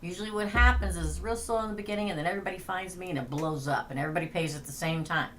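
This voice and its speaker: Woman host, tarot reader on a livestream; low-pitched, bright, chatty, laughs easily. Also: racing, slight background noise. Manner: chatty, laughing, reading names off a list. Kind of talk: casual livestream chat.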